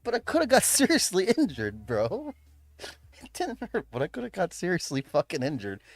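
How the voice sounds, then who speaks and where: Young dude from chicago area on a stream, swears a ton, laughs a lot, voice jumps all over, dry sound. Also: male voice, high voice, huge pitch swings, moderate pace, no room sound. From Chicago area, USA. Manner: profane, laughing, lots of bro and man. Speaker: livestreamer. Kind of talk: casual storytelling.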